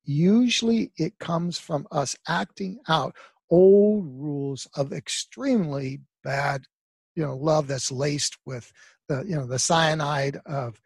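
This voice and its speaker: A man talking as a therapist on a talk show, telling a client story with emphatic bursts that trail off into quiet asides. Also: fairly high pitch, creaky, husky, no echo. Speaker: guest therapist. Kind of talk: conversational interview talk.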